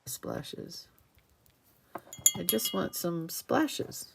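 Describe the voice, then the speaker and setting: A middle-aged woman talks casually through a home crafting livestream. Her voice sits on the low side, and she chats loosely, reading viewers' messages aloud and responding with sympathy between steps. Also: unhurried, noisy background. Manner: chatty, reads viewer comments aloud and reacts with sympathy.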